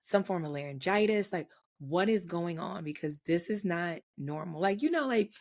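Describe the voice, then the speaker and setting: A young woman co-hosts a casual podcast, her voice raspy and gravelly from recent voice loss. She sits a touch low in pitch and tells stories with loose, lively slang. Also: moderate pace. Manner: animated, laughing, slangy storytelling. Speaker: podcast co-host. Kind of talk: casual chat.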